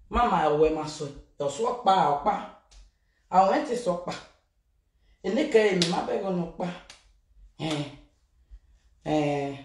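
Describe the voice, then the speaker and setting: A woman with a Nigerian accent gives animated gossip commentary, mimicking people, laughing and shouting. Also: lowish voice. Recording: very echoey room, voice far from mic.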